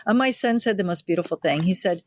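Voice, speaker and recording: A woman's voice: lowish voice, fast talker, no echo. An older woman, a midwife in an interview, telling family stories and acting out the people she quotes. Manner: lively storyteller who acts out quoted family members. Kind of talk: anecdotal interview storytelling.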